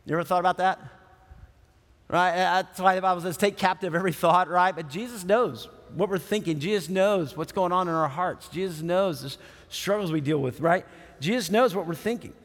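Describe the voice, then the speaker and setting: High-voiced preacher man, chatty. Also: moderate pace, a bit bright, long reverb tail. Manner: conversational, often asks the audience "right?". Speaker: pastor. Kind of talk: sermon.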